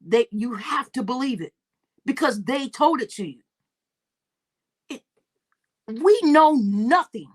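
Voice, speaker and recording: A young woman hosts a casual livestream, reading comments, laughing often and telling profanity-laced stories with acted-out quotes. Her voice is fairly high, husky and animated, at a measured pace with long pauses.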